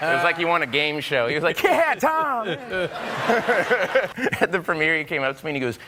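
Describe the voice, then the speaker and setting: A man's voice: a little high, steady tone, very fast, background noise. A man telling a story on a talk show, rambling with many fillers and laughs. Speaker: comedian guest.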